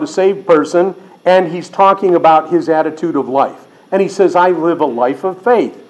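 An older man with a slightly high voice teaches a sermon. He talks in a folksy, joking way and slows down when he reads scripture. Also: darkish tone. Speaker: Bible teacher.

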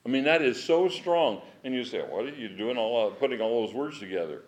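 A man's voice: medium pitch, fairly quick, hardly any pauses. Emphatic man teaching scripture at home. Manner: animated, emphatic, chuckling asides. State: strained voice. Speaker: Bible teacher. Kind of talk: informal Bible study sermon. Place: at home with dogs.

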